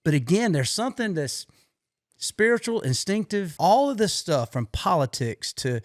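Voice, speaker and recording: A man's voice: sits high, sing-song, moderate pace, no echo, clean studio sound. Folksy man telling stories. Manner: folksy storytelling, drawled colloquial speech. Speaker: podcast host. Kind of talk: casual conversation.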